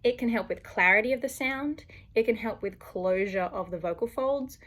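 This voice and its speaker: Woman, voice coach, mid pitch, friendly lesson explaining singing. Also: fairly bright tone. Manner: friendly explainer, demonstrating sounds. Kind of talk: explaining vocal technique to camera.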